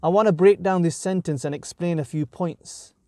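A man teaching Arabic grammar in a slow, deliberate way, breaking each sentence into short phrases. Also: high-pitched, a little mellow, dry recording, studio quality. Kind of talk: explanatory grammar lesson.

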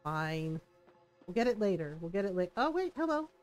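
A woman's voice: mid-range voice, big pitch swings, moderate pace, faint music behind. A woman streaming a game live, bubbly and giggly, rambling and joking at her own expense. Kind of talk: live gameplay commentary.

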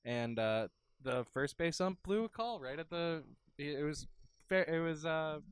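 Amused man with a higher voice. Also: a little slow, clear, resonant tone, no echo. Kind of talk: casual chat.

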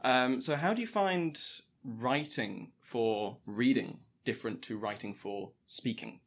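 A man's voice: medium pitch, a little slow. A man hosting an interview podcast, asking questions and agreeing in a casual, brief way. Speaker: podcast host.

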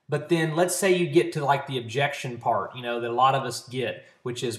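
An earnest man coaching his sales team in a casual talk to camera, recorded at home. His voice sits at an ordinary middle pitch. The room gives it a noticeable echo. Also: steady tone, fairly quick, few pauses. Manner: earnest and encouraging, coaching with practical tips. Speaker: network marketing trainer. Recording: roomy echo.

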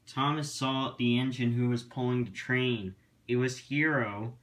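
Guy reading out a train story, slow and plain, middle-pitched voice. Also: steady tone, fairly bright tone. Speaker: narrator. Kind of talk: reading a homemade storybook tale.

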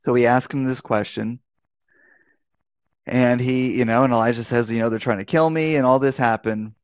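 A man's voice: mid-range voice, fairly even intonation, moderate pace, no room sound, muffled recording. A man teaching as a pastor in a live online Bible talk, speaking conversationally, restarting phrases and asking rhetorical questions. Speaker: pastor and life coach.

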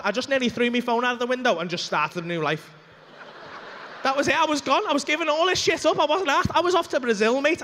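A high-pitched man performs stand-up on a club stage. He swears constantly and throws himself into each character's lines. A faint hum of the room sits behind him. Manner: swearing, animated, acts out the dialogue. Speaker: stand-up comedian. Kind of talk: stand-up comedy storytelling.

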